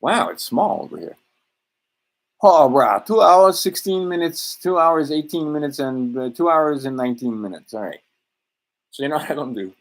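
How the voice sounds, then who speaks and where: A man's voice: on the high side, lively intonation, normal speed. A man in a rambling, self-assured monologue, swearing often and drifting between points. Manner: profane, digressive, self-assured.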